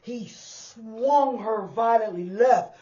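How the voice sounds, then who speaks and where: A fairly high-voiced woman spins a street story from her bus-driving days, lively and chatty, calling out to her listeners and mimicking the noises she remembers. The sound is a little dull and lo-fi, as though recorded on simple gear. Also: takes it slowly. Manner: animated, addresses listeners as y'all, acts out sounds. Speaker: storyteller and former bus driver. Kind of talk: casual personal storytelling to an audience. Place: indoors on a hot day.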